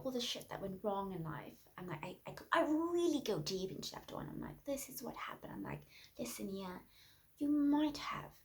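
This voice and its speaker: A woman improvising a rambling author with a criminal past, deadpan and then menacing. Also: mid-range voice, close to an everyday voice. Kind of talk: improvised comedy.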